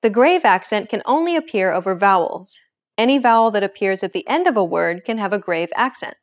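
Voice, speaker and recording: A woman hosting a language lesson, reading a script with a clear, upbeat teacher's delivery. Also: mid-range voice, expressive, fairly quick.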